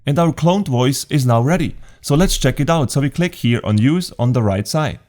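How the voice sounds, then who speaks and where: A man's voice: mid-range voice, animated, normal speed, darkish tone. German-accented man walking through a tutorial. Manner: clear, methodical instructions with light humor. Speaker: software tutorial host. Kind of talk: step-by-step screen tutorial narration.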